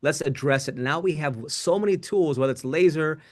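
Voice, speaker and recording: Brief: middle-aged male surgeon, rapid animated delivery, self-correcting. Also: fairly high pitch. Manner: fast, animated, quick restarts. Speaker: glaucoma surgeon panelist. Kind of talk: webinar talk.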